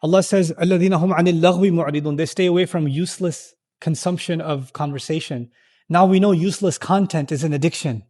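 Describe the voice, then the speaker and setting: A man with a high-pitched voice lectures on scripture before a live audience. He is animated and conversational, and he keeps asking rhetorical questions and slipping into the voices he quotes. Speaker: Islamic lecturer.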